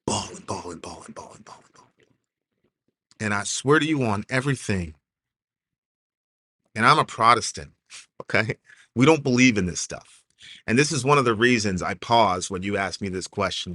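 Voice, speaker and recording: A man in an interview earnestly telling a personal faith story, halting and restarting often with "like" fillers. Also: on the low side, pushed and bright, no echo. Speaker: interview guest. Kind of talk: emotional personal testimony.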